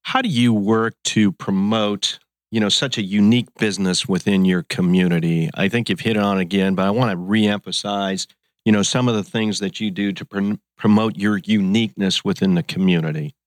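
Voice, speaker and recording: A man's voice: lowish voice, steady tone, normal speed, no echo. A man hosting a casual interview, asking questions in an easygoing, jokey way. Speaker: podcast host.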